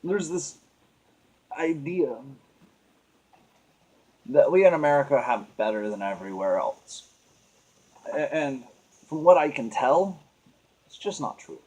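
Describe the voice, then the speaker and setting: A man's voice: a little high, expressive, takes it slowly, pauses often, a little mellow, husky. A man venting in a casual monologue, rambling and earnest, often restarting his sentences. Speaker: vlogger.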